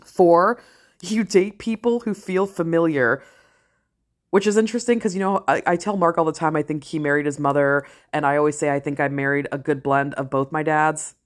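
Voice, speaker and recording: A middle-aged woman talking straight to camera in a casual vlog, blunt and candid, swearing freely and slowing down to stress key phrases. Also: low voice. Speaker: vlogger, parent and ER worker. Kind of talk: casual talking-head commentary.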